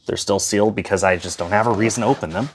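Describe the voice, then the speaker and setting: A man's voice: lowish voice, very fast, a little hiss or hum. Chatty man touring his collection. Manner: chatty, fillers and self-corrections. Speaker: collector showing his shelf. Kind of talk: casual collection tour vlog.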